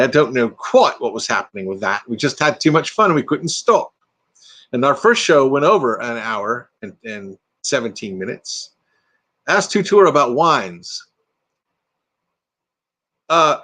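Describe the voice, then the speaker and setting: A man's voice: on the high side, a bit bright. An older man hosting a casual livestream from home, chatting with viewers, reading their comments aloud and laughing often. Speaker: livestream host. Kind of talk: casual live chat with viewers. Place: home room with green screen.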